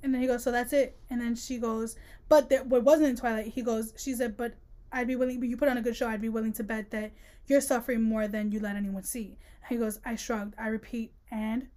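A woman co-hosting a podcast, chatting casually about a book, slangy and animated, acting out the characters' lines as she retells scenes. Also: fairly high pitch, fairly quick. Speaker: podcast co-host. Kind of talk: casual book-discussion chat.

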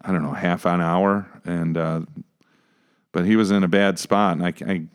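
A man, a pastor, telling stories in a relaxed podcast conversation, acting out his own reactions along the way. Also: sits low, normal speed, clear, resonant tone. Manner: animated, acts out his own past reactions. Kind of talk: casual conversational storytelling.

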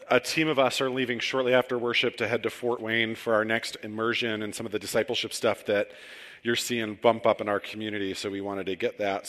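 A man preaching a conversational sermon in a church sanctuary, telling personal stories with relaxed, self-deprecating humor. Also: on the low side. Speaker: pastor. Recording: long hall reverb.

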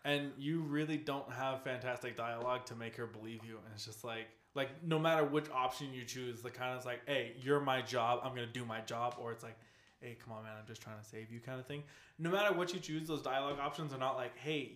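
A man's voice: mid-range voice, fairly quick, fairly bright tone, echoey room. A man in casual gaming chat, rambling as he retells scenes and acts out game characters, swearing freely.

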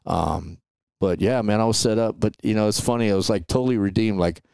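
Speaking fairly quickly, a middle-aged Los Angeles man shares loose, conversational stories as an interview guest, often saying "man" and "you know." His voice is lowish and gravelly, and the recording is dry and close, with no sense of a room.

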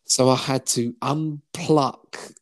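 A man's voice: mid-range voice, steady tone, slow pace. A man, co-hosting a podcast and telling rambling stories in casual chat, swearing now and then and acting out what people said. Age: 40s. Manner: rambling storyteller, swears, acts out quoted lines. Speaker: podcast co-host.

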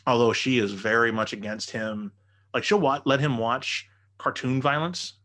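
A man telling stories in a casual chat, profane and animated, often acting out the people in his stories. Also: medium pitch, normal speed.

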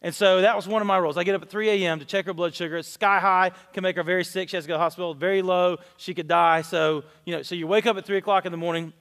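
A man's voice: high-pitched, fairly even intonation, rapid-fire, few pauses, a bit bright. A man in his forties, a pastor giving a conversational sermon, candid and telling stories with self-deprecating humor. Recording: long reverb of a large hall.

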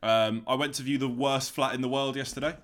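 A man's voice: medium pitch, a little fast. A man co-hosting a podcast over a remote call, telling a long anecdote in a casual way and acting out the other people's voices. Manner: animated, acts out voices in his anecdotes. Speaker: podcast co-host. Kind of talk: casual storytelling chat.

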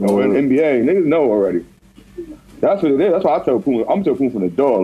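A man chatting casually outdoors as a podcast co-host, telling animated stories and acting out quotes. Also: mid-range voice, quick pace, breathy edge, phone-quality sound. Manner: animated storytelling, acts out quotes. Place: outdoors in a park.

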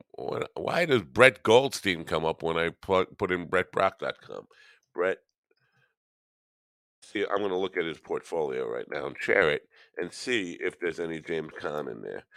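A man's voice: sits low, fairly bright tone, smooth, dry recording, studio quality. A man hosting a morning live stream, chatting casually with viewers in a rambling, self-deprecating way while still half awake.

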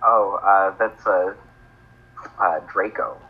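A man co-hosting a comedic read-along, with dry deadpan sarcasm. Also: deep voice, slow pace, phone-quality sound. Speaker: podcast co-host.

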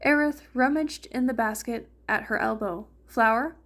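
A woman's voice: a little high, moderate pace, fairly bright tone. A woman reading a fan fiction story aloud, narrating and lightly voicing the characters. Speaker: fanfiction reader.

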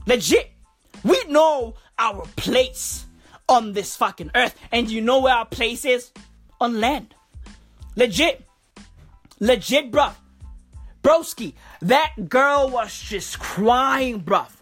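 A woman with a husky voice, doing a profane, slang-heavy comic rant. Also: fairly high pitch, slow pace, pauses often, soft background music. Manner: profane, repetitive, animated slang. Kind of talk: comedic rant monologue.

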